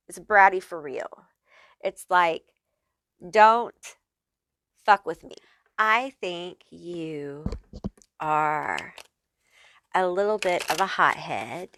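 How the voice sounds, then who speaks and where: A woman reads tarot in a slow, unhurried voice. Her tone is bright and crisp, and the sound is close and dry. She is chatty and reassuring, swears freely, and keeps tagging her lines with "okay?". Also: lowish voice, no room sound. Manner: reassuring, affirming. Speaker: tarot reader. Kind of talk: casual pick-a-card tarot reading.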